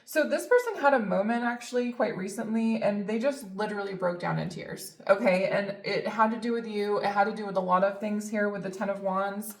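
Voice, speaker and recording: A woman's voice: medium pitch, brisk, few pauses. Chatty woman reading tarot in an echoey room. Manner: chatty and emphatic, many fillers and swear words. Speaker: tarot reader.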